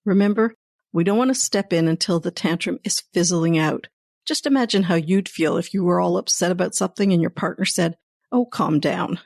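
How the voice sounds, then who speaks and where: A woman hosting a parenting episode, giving gentle, reassuring advice to parents in a conversational way. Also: medium pitch, no echo, studio quality. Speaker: parenting educator and podcast host. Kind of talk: warm advice talk to parents.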